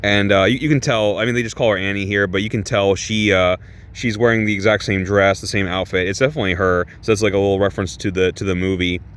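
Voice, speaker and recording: A man's voice: fairly low pitch, fairly even intonation, fast talker, fairly bright tone, clean tone. A man casually reviewing a comic book, rambling with many restarts and some swearing. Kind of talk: casual review while reading aloud.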